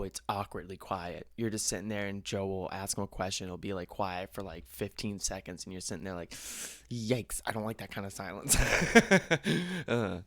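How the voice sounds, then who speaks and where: A man's voice: lowish voice, no room sound, clean studio sound. A young man hosting a casual solo podcast, rambling through stories with laughs and swearing. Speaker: podcast host.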